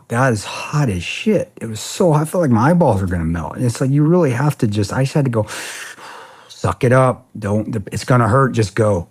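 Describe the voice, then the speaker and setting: A man being interviewed on a podcast, telling a story in a casual, animated way, swearing often and saying "man" a lot. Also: fairly low pitch, husky. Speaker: podcast guest, former soldier.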